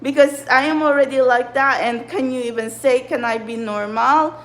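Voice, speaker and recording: A woman's voice: high-pitched, normal speed, a bit bright, poor audio. A woman who channels spiritual messages, venting in an agitated, profane, rambling rant to her viewers. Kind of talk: angry spiritual vlog rant.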